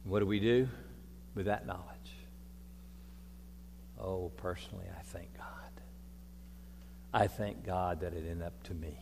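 An older man, preaching a folksy sermon as priest, moving from quiet reflection to loud storytelling. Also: sits low, steady tone, unhurried, long pauses, slight background noise. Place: church. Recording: long reverb of a church hall.

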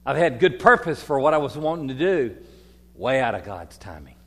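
Folksy older priest preaching in echoing hall. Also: male voice, mid-range voice, sing-song, moderate pace. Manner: folksy, shifts from quiet reflection to loud storytelling. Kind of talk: sermon. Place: church. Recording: long reverb of a church hall.

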